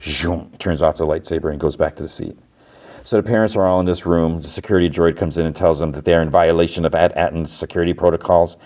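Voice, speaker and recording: Talking fast in a low, darkish voice with fairly even intonation, the male podcast host casually walks through a TV episode. He voices the characters' lines as he retells scenes, peppering it all with fillers such as "like."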